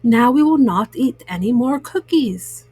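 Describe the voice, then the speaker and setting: A woman voicing a sensible, patient male frog in a storybook reading, calm and reasoning. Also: on the high side, a little slow, husky, dry recording.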